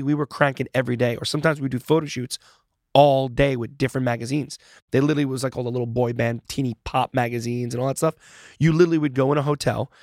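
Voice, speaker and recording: A man in his forties chatting as an interview guest, an animated storyteller who swears casually. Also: mid-range voice, no echo, clean studio sound. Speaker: interview guest, former boy band singer.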